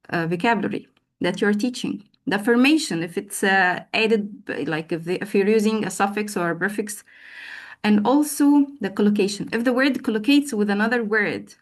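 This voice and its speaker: A woman's voice: medium pitch, normal speed. Woman teacher trainer, live web class, chatty and encouraging, lots of fillers. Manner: lively, calls on participants by name, frequent fillers.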